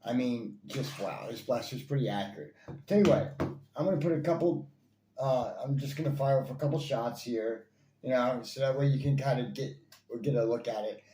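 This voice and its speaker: A man's voice: medium pitch, moderate pace, mellow, a little hiss or hum. A man reviewing toy blasters in casual chat, enthusiastic and rambling, with lots of fillers and repeats. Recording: echoey room, faint ambience.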